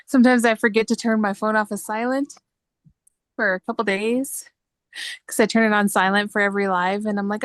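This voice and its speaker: A woman co-hosting a live chat who laughs easily and drops in quick agreeing remarks. Her voice sits in a middle range and comes across dry and close. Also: mid-range voice, fairly even intonation, no room sound. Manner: laughs readily, brief agreeing replies. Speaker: co-host. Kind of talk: casual chat.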